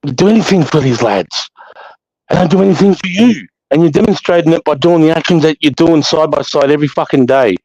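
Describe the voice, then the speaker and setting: A man's voice: fairly high pitch, brisk, a little mellow, dry recording. An Australian man hosting a live chat, talking bluntly with heavy swearing and preaching with emphasis. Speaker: host of a live chat show. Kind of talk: casual spoken monologue. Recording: dull lo-fi dry audio.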